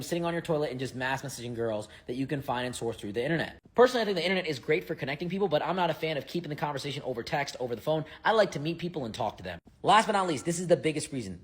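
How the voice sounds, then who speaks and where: A man hosting a commentary video, speaking directly to the camera as a dating coach in an emphatic, lecturing way. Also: fairly high pitch.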